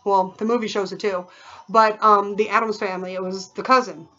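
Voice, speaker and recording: A woman's voice: mid-range voice, little pitch movement, fairly quick, sharp tone, lo-fi sound. A woman vlogging in a casual, rambling way, full of fillers and imitated sounds. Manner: chatty, digressive, with many fillers and imitated sounds.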